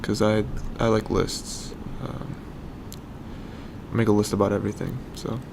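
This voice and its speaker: A man's voice: fairly low pitch, little pitch movement, unhurried, creaky, noisy background. A young man co-hosting a podcast, chatting casually and joking with his friend, laughing often. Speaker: podcast co-host. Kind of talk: casual chat.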